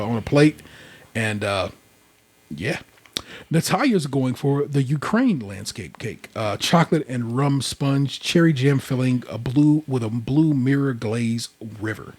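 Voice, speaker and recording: Casual rambling man hosting a podcast. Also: medium pitch. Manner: rambling, conversational, lots of fillers. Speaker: podcast host. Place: indoor room, recorded in person.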